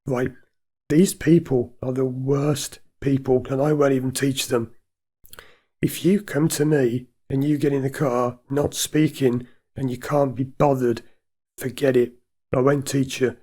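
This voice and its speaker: A man's voice: medium pitch, little pitch movement, measured pace, dark tone, husky. A man, a driving instructor giving blunt, emphatic advice straight to camera.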